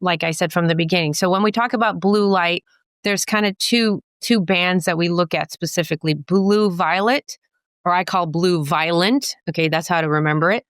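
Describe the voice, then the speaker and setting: A woman optometrist and professor explaining eye science in a jokey, teacherly way, full of quick asides and wordplay. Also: fairly low pitch, clean tone, no room sound. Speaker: optometrist and professor giving a guest lecture. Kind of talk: playful explanatory talk to a host.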